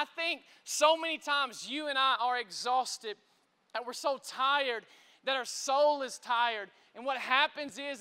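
A male pastor preaching an energetic sermon, stammering and repeating words and often asking "right?" to the congregation. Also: extremely high pitch, clear, resonant tone. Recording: echoey large hall.

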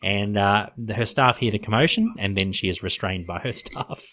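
A man's voice: lowish voice, normal speed. A man hosting a podcast who casually recaps a TV episode with lots of laughter and some swearing. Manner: chatty, laughing, profane, animated. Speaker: podcast host.

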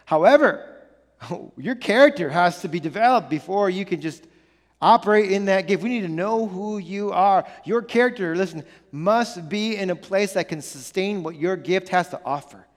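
High-voiced preacher in a big reverberant hall. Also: male voice, moderate pace. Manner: earnest, repetitive emphasis with many restarts. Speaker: pastor. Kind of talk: sermon.

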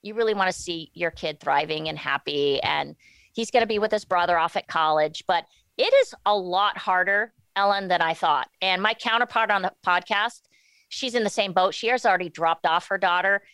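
A woman's voice: fairly low pitch, a bit bright, clear, resonant tone, no echo. A woman in her forties talking candidly as an interview guest, often restarting her sentences. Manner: candid, halting with many restarts. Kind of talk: casual interview talk.

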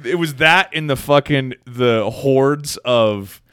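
A man's voice: takes it slowly, fairly bright tone, clear, resonant tone, no room sound, clean studio sound. A young man co-hosting a casual podcast, swearing freely and joking that he is turning grumpy. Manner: profane, jokingly grumpy, sways between high and low. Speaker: podcast co-host.

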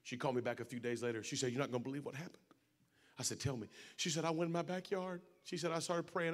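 A man preaching a sermon, telling a story and then building to shouted, fervent preaching. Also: fairly high pitch, quick pace, a faint crowd.

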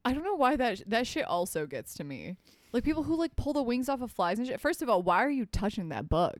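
A woman's voice: a little high, sing-song, quick pace, no room sound, clean studio sound. A young woman co-hosting and editing a casual true-crime podcast, scattered and jokey, swearing freely. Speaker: podcast co-host and editor.

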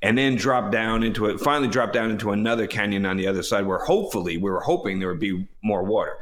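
A man in casual conversation, relaxed and measured as he tells his own expedition story, with frequent fillers. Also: fairly low pitch.

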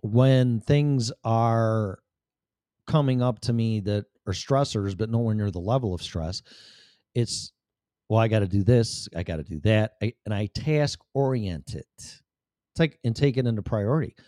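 Blunt, profane man, low dark voice. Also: a little slow, dry recording, studio quality. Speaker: vlogger. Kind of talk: candid personal monologue.

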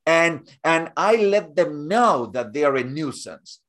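Halting, animated man speaker. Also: a little high. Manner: halting, repeats words while searching. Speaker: guest speaker. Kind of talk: conversational interview.

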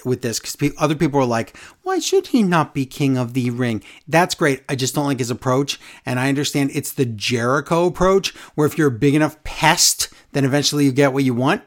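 A man co-hosting a casual wrestling podcast, ranting and mocking wrestlers with sing-song repeated lines. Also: medium pitch. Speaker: podcast co-host.

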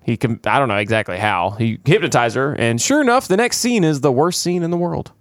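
A man co-hosting a podcast, casually retelling a movie, animated and quick to laugh. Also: medium pitch, no room sound, clean studio sound. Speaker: podcast co-host.

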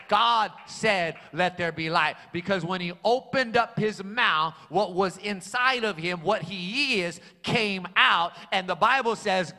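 A man's voice: high voice, sharp tone. A male pastor preaching a sermon, emphatic and repeating his key phrases for weight. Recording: long hall reverb.

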